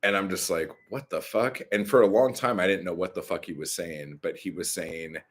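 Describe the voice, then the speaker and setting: A man's voice: deep voice, steady tone, brisk. A man hosting a live stream, rambling casually and profanely with many fillers.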